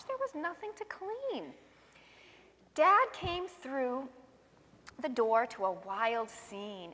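A woman reading her own rhyming children's poem aloud in a sing-song, expressive way. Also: high voice, in a large hall.

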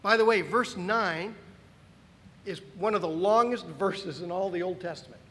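A man preaching a sermon as pastor, emphatic and animated, with dry asides. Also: sits high, moderate pace, big-room sound.

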